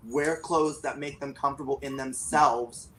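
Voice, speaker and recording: An impassioned man talks bluntly in a casual panel chat, his pitch sitting mid-range. A faint hiss of noise runs underneath his voice. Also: steady tone, normal speed, rough recording.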